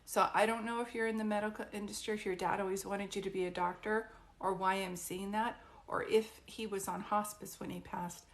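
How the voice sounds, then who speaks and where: A woman's voice: medium pitch, steady tone, a little fast, hardly any pauses. A woman doing a psychic reading on a live stream, chatty and reassuring, with many fillers and restarts. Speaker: psychic medium.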